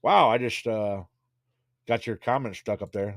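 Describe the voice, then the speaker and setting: A man with a lowish, gravelly voice hosts a casual livestream at a measured pace, rambling crudely and reading viewer comments aloud. The audio has no echo.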